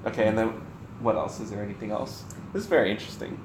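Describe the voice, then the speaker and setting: A man from the American South co-hosting a casual Q&A vlog, rambling and animated with lots of filler words. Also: fairly low pitch, fast talker, echoey room, noisy background. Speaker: co-host. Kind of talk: casual Q&A chat.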